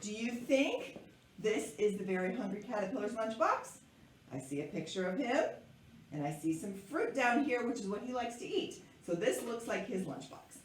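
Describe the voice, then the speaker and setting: A woman in her fifties, a children's librarian, leading storytime in an animated, sing-song way. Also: a little high, normal speed, a little hiss or hum. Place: library room. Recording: echoey room, mic far off.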